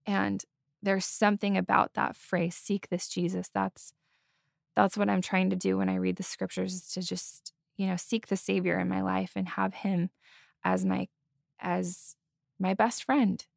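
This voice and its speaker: A woman's voice: medium pitch, level tone, unhurried, gravelly, dry recording. A woman podcast co-host sharing a heartfelt testimony, earnest and close to tears. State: holding back tears. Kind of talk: casual testimony chat.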